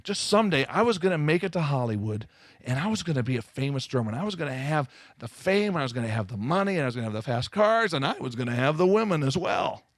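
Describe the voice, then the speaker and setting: A man from Southern California telling his life story to an audience, animated and full of self-mocking humor. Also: a little high, quick pace, no room sound. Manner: animated storytelling, acting out quoted voices. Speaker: speaker giving his testimony. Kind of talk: testimony to a live audience.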